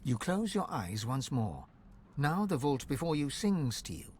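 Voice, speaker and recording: A man narrating a fantasy game in an expressive, scripted storybook delivery. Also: medium pitch, unhurried, slight background noise.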